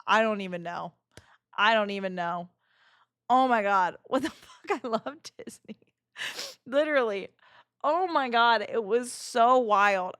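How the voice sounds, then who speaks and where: Excitable woman streamer, dry close sound. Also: fairly high pitch, no room sound. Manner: excitable and emotional, swearing, quick laughter. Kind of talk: casual livestream chat.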